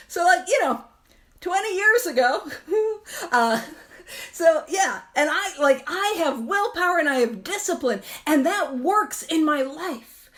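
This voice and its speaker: A woman's voice: sits high, fairly bright tone. A woman in her thirties hosting a recovery book study, talking casually, laughing often and poking fun at herself. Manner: chatty, self-mocking, laughs often. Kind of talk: casual teaching talk.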